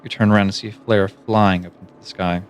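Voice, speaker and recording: Low-voiced man narrating softly. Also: steady tone, fast talker, faint music behind. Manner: hushed, low-key second-person narration. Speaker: streamer reading a gamebook aloud. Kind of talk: live read-aloud narration.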